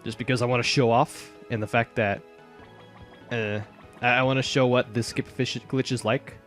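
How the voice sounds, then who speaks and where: A man's voice: medium pitch, flat delivery, moderate pace, a bit bright, soft background music. A man with a slight Southern US accent giving casual, rambling commentary over a game playthrough. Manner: rambling, many fillers and restarts. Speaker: let's player.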